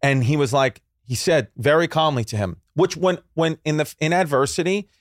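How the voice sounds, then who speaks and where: Animated storytelling man with a raised voice. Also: on the high side, normal speed, no echo, clean studio sound. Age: 30s. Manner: rambling, animated storyteller with jokey asides. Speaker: guest comedian. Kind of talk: casual podcast storytelling.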